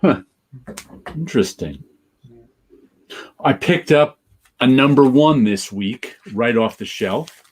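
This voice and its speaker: Animated man chatting about comics. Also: medium pitch, slow pace, long pauses, slightly rough. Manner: animated, rambling, repeats phrases to test their sound. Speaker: podcast co-host. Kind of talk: casual chat about comics.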